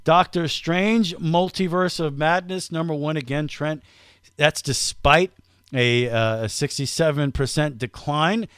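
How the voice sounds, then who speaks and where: A man hosting a casual comedy podcast, teasing his co-host, talking in quick bursts and laughing often. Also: on the high side, a bit bright, clean tone, no room sound, studio quality.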